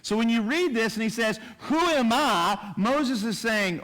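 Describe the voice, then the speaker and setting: A high-voiced man teaching scripture in a relaxed, conversational way. He repeats words as he thinks aloud and keeps checking in with his listeners. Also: unhurried, few pauses. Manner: conversational, repeats words and asks "right?" often. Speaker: pastor. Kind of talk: Bible teaching. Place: church.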